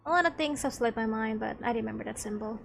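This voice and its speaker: A calm, wise old man from a video game, gentle and wistful, read aloud by a woman. The lines come slowly and softly in a fairly high voice. Game music plays clearly underneath.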